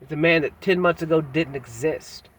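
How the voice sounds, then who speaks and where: This vlogger has a fairly high voice with a fairly bright tone. Speaking in a candid personal monologue, he's reflective and halting, pausing often and using fillers, while being blunt, self-critical, and slangy.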